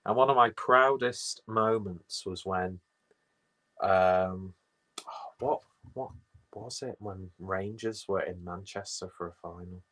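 A rambling man talks casually on a livestream, swearing freely and making fun of himself. His voice sits a little low. He wanders from one thought to the next in an easy, loose way. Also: takes it slowly, a bit bright. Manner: rambling, sweary, self-mocking. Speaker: livestream host. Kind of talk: casual chat, reading viewer comments.

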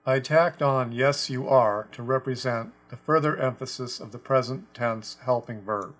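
A man teaching a scripture lesson about a translation, speaking deliberately and stressing quoted words. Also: medium pitch, a bit bright. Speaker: Bible teacher.

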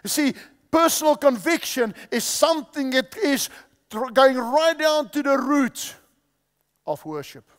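A man with a very high, expressive voice preaches a sermon at a measured pace in a large church hall, repeating key phrases and quizzing his audience. The recording carries a long hall reverb.

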